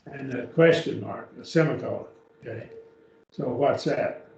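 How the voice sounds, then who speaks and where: Gravelly-voiced man teaching in an echoey room. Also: mid-range voice, unhurried, a little mellow, slight background noise. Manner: patient, explains step by step, often checks with "okay?". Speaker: Bible Greek teacher. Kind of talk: classroom teaching. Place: church classroom. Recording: echoey room, distant mic, dull lo-fi.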